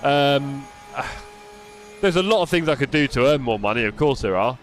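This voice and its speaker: A man's voice: mid-range voice, lively intonation, unhurried, soft background music. A young man live-streaming a racing game, chatting casually and answering his viewers by name with self-deprecating humor.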